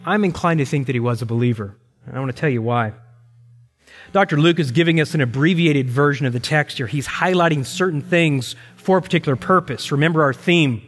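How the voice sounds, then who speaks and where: Middle aged pastor guy preaching, leans on key lines, kinda higher voice, big echoey sanctuary. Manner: emphatic, repeats key phrases slowly. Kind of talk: sermon. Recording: long reverb in a large hall.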